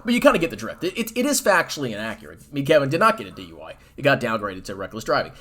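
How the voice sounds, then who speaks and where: A male finance commentator delivers a heated, sarcastic rant, mocking his target as he goes. His pitch swings widely and his voice has a bright, forceful edge. He sounds like a host talking straight to his audience. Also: very animated, very fast. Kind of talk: ranting commentary video.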